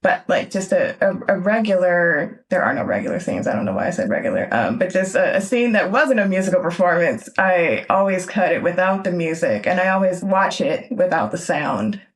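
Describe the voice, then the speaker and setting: A woman's voice: lowish voice, moderate pace, hardly any pauses. A woman film editor from Los Angeles, chatting animatedly in an interview, often laughing and acting out what people said. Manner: animated, laughs often, acts out quoted lines. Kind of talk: casual interview chat.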